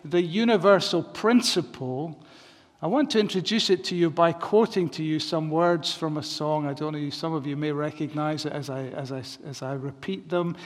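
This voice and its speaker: Man preaching in a reverberant hall. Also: on the high side. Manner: reasoning, measured with restarts. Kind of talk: sermon. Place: church. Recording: long reverb of a church hall.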